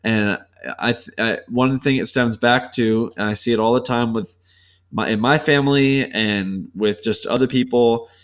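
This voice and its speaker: A man of ordinary pitch co-hosts a casual podcast. He explains his ideas earnestly and at length, often restarting his sentences mid-thought. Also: fairly even intonation, normal speed. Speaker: podcast co-host.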